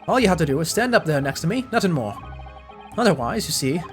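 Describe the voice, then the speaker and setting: A streamer voicing a boastful, wealthy Irish moneylender man in a put-on Irish accent, rough and swaggering. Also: medium pitch, sing-song, fast talker, soft background music, natural voice.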